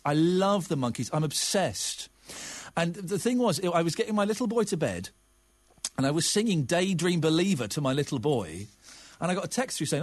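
A man's voice: a little high, big pitch swings, moderate pace, no room sound. A middle-aged man presenting a radio phone-in, chatty and self-mocking. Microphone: studio microphone.

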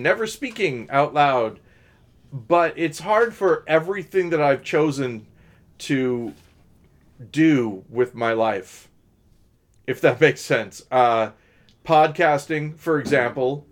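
Man with a deliberately raised speaking voice. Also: expressive. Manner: talks in many restarts and fillers, deliberately pitched-up voice. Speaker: podcast co-host. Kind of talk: casual chat.

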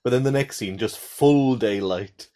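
A man's voice: mid-range voice, unhurried, dark tone. A man co-hosting a film podcast, easygoing and often laughing, with hesitant restarts in casual chat. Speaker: podcast co-host.

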